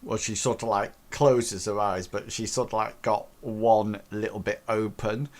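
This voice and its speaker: A man's voice: fairly low pitch, fairly even intonation, a little slow. A man running a tabletop game as game master, narrating in a rambling way full of "sort of, like" fillers.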